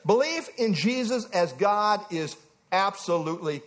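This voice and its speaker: A man preaching a sermon to a congregation, emphatic and animated, often restarting his phrases. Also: very high voice, normal speed.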